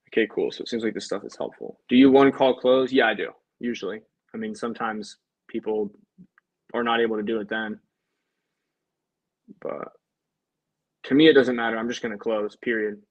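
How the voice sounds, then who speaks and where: A man's voice: mid-range voice, fairly even intonation, moderate pace, pauses often, rough recording. A young man, an insurance sales agent, chatting casually with a livestream audience between phone calls to prospects. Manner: chatty, upbeat, talks to viewers and then dials prospects.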